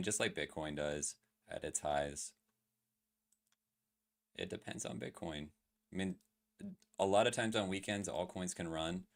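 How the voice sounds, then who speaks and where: Very deep-voiced man analyzing charts. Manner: loose, filler-heavy, asks chat questions. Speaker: crypto trading streamer. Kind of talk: casual livestream chart analysis.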